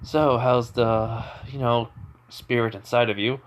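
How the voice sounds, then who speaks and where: A man voicing a reserved teenage boy ninja who speaks in a low-key questioning way. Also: steady tone, measured pace, slight background noise, natural voice.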